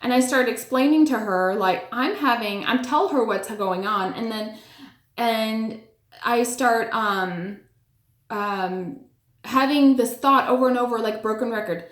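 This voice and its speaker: A woman's voice: fairly high pitch, measured pace. A woman casually telling a personal story, full of "like" and "you know", acting out her own reactions as she goes. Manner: chatty, many "like" and "you know" fillers; animated retelling with acted-out reactions. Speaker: storyteller sharing personal spiritual experiences. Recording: echoey room.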